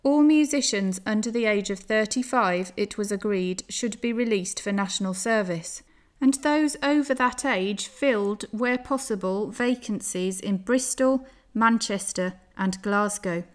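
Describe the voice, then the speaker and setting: Woman narrator for a memoir reading, steady and careful. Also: mid-range voice, measured pace.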